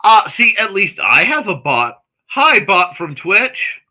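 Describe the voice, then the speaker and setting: A man hosting a morning livestream, chatting casually and reading viewer comments aloud in a chatty, excitable way with snarky asides. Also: high voice, slow. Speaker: host of a morning livestream chat show.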